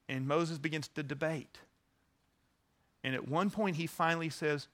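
A male pastor delivering a sermon in a high, bright voice. He talks in an earnest, teaching way, stumbling over restarts and repeated words as he explains. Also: unhurried, pauses often.

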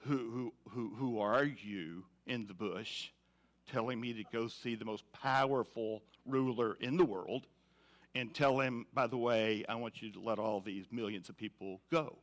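A man's voice: on the low side, a little slow, pitched below the performer's own voice, lightly acted. A man playing a hesitant Moses who stammers and questions in disbelief. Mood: incredulous. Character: hesitant male Moses seeking a way out.

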